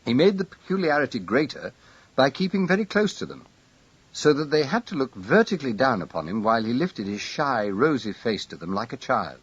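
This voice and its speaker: A man narrating an audiobook in a measured, expressive storytelling manner. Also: medium pitch, breathy edge, highs cut off. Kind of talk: scripted narration.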